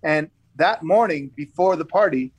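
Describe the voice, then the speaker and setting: A man's voice: fairly high pitch, normal speed. A man telling a long story in casual podcast chat, laid-back and slangy, with lots of "like" and "dude" and frequent repeats. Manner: rambling storyteller who repeats himself. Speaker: guest storyteller.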